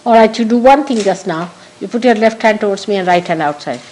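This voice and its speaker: Woman spiritual teacher, mid-pitched voice, emphatic, repeats her points, archive talk. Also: a little fast, darkish tone, slight background noise, rough recording. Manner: emphatic, repeats key phrases for stress. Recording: 1982 archive recording of a talk.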